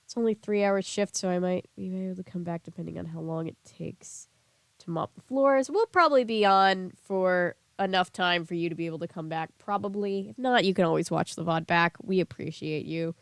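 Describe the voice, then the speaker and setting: A woman's voice: lowish voice, fairly quick, no room sound. A young woman streamer chatting casually with her viewers, sounding a little sick with a lingering cough and laughing often. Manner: chatty, laughs often, reads chat aloud. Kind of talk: casual live-stream chat.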